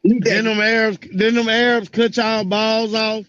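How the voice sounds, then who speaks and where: A man's voice: sits high, little pitch movement, fairly bright tone, no room sound, highs cut off. A man in a heated live audio-room debate, making sarcastic remarks. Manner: sarcastic, drawn-out.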